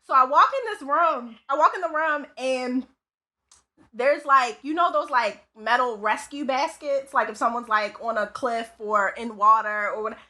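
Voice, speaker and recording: A woman guest, an autopsy technician, telling work stories in casual podcast chat, animated and full of "like" fillers. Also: high voice, measured pace. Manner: animated, lots of "like" fillers, laughs often. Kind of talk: casual storytelling.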